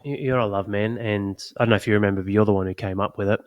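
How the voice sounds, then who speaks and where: A man co-hosting a podcast who talks earnestly and reflectively, often calling the other speaker "man." His voice is fairly low and recorded close and dry. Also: steady tone, rapid-fire, a little mellow, no room sound. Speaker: podcast co-host. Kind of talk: casual podcast chat.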